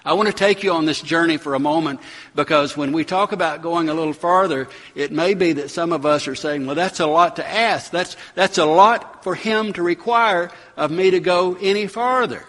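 A man preaching a sermon, building to dramatic emphatic bursts and slowing on key words. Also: a little high, a bit bright. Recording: long hall reverb.

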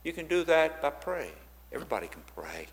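A man speaks in a church, telling stories with a lively, up-and-down delivery and slipping into the voices of the people he quotes. His voice sits a little higher than most men's. A long reverb trails each phrase, as in a big sanctuary. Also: a little fast. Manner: animated storyteller who acts out quoted voices. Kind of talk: storytelling church talk. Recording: long reverb of a large hall.

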